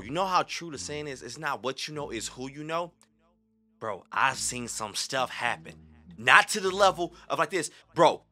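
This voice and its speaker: A young man hosting a reaction video, talking in casual slang, jumping between loud outbursts and low murmurs.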